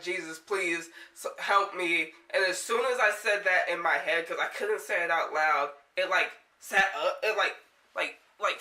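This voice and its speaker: A woman's voice: lowish voice, pushed and bright, far from the mic. A young woman vlogger telling a story in a rambling, shaken way, full of fillers and swearing. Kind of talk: storytelling vlog. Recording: echoey room, set back from mic.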